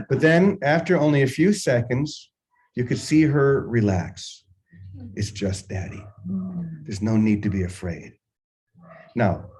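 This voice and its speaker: An older man hosting a morning spiritual session, musing unhurriedly and telling a personal story with gentle humor. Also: medium pitch, rough recording. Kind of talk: reflective spiritual talk with storytelling.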